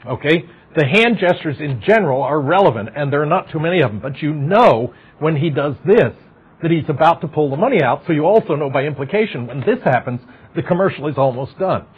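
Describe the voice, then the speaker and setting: A man's voice: on the high side, expressive, fairly quick, breathy edge. A middle-aged man giving a university psychology lecture, talking conversationally, asking the class questions and making wry asides. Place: lecture hall. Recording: dull lo-fi lecture recording.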